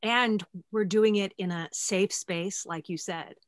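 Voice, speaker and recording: A woman hosting a podcast who speaks frankly and self-deprecatingly, with halting restarts. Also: mid-range voice, no echo, studio quality. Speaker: podcast host. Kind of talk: candid podcast conversation.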